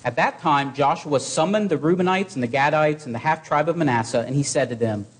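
A man preaching a sermon to his congregation in an earnest, exhorting way, with measured pauses. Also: a little high.

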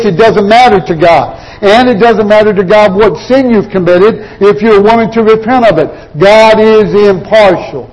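Emphatic high-voiced man preaching. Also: poor audio. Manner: emphatic, addresses "ladies and gentlemen", asks and answers questions. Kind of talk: sermon with chart.

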